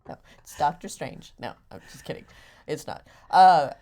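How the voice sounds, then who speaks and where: A woman co-hosting a comedy podcast, rambling through self-mocking stories with quick asides. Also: low-pitched, dark tone. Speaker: co-host. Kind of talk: playful banter.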